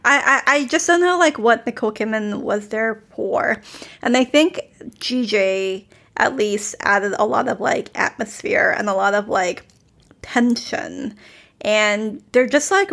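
A woman talks in a relaxed, chatty way, dropping "like" between her thoughts. Her voice sits a little high and carries a lot of vocal fry. It sounds like an easygoing podcast conversation. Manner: chatty, many "like" fillers, quick laughs. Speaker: podcast co-host. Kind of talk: casual critical chat.

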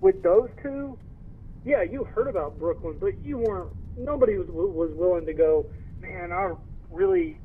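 A man co-hosts a casual sports podcast, easygoing and answering with dry agreement. His voice sits high and moves at a moderate pace, and the sound is tinny and phone-like with faint noise.

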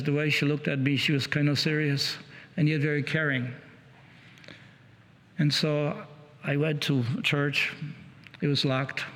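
A man preaching, retelling another man's conversion story in a halting, repetitive way, with many restarts. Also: a little high, a bit bright. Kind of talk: sermon storytelling. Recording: long hall reverb.

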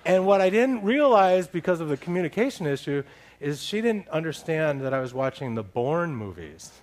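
A man's voice: a little high, moderate pace. Man telling a funny story from the pulpit. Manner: animated, laughing storyteller. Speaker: church leader sharing a story. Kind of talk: humorous storytelling in a sermon.

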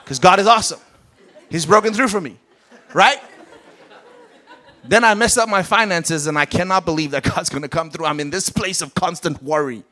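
A man's voice: a little high, moderate pace, pushed and bright. A man preaching a sermon with a British accent, acting out the Bible characters as he goes. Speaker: pastor.

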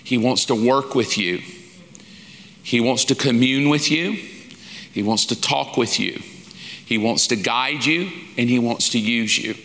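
A man's voice: mid-range voice, a little slow, pauses often, fairly bright tone. A man, a pastor, teaching a sermon in a folksy, informal way, acting out little quoted asides. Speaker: pastor teaching a lesson series. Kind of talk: conversational sermon. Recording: long reverb of a large hall.

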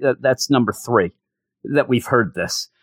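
A man's voice: mid-range voice, expressive, unhurried, dry recording, clean studio sound. A man casually recapping a comic issue with sarcastic, rambling commentary and frequent stammered restarts. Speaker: comic book podcast host.

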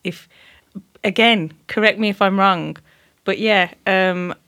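A woman's voice: medium pitch, takes it slowly, fairly bright tone. A woman co-hosting a film podcast in casual chat, playful and teasing, often laughing. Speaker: podcast co-host.

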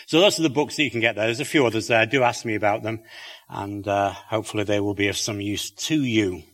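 A man's voice: fairly low pitch, fast, a bit bright, in a large hall. A middle-aged man with a British accent and a slight lisp, giving a chatty talk to an audience with wry asides and many fillers. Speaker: creationist speaker.

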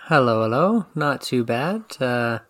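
A man's voice: medium pitch, big pitch swings, measured pace, a bit bright, dry recording. A man, an easygoing guest on a casual podcast who jokes lightly. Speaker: podcast guest, hockey historian.

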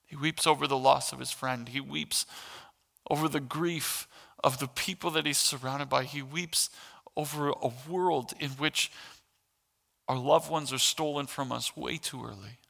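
Gravelly, bright-voiced man preaching a sermon. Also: mid-range voice, steady tone, unhurried. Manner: earnest, rises to impassioned emphasis. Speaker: pastor. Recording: long hall reverb.

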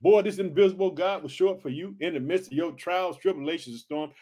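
A man's voice: sits high, fast talker. A man preaching an informal sermon, reading scripture and calling out to his listeners as family. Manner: energetic, calls out to listeners as family.

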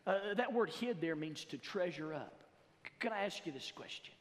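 A man preaching a sermon in a church, reading scripture slowly and building to loud emphatic passages. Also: a little high, expressive, in a large hall. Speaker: pastor. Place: church sanctuary.

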